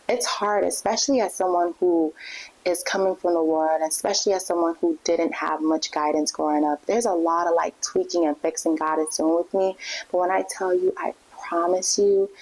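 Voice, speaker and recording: A woman's voice: lowish voice, a little mellow, low-quality recording. A young woman hosting a podcast and sharing her personal faith testimony in an earnest, heartfelt way, with many fillers and restarts. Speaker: podcast host.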